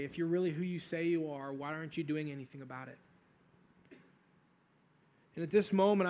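A man preaching a sermon, reading scripture and retelling it earnestly, building to fervent emphasis. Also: on the high side. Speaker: pastor.

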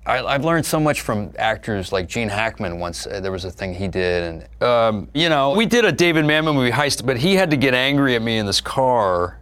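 A middle-aged actor telling stories in an interview, animated and profane, laughing often and sometimes dropping to a soft, low musing tone. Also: male voice, normal speed, hardly any pauses, smooth. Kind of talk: candid conversational storytelling.

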